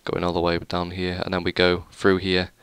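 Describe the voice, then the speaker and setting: Low-voiced young man rambling. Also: completely flat delivery, normal speed, a bit bright, clear, resonant tone, no echo. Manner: rambling, self-deprecating, hesitant with many fillers. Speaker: gaming YouTuber. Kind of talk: casual let's play commentary.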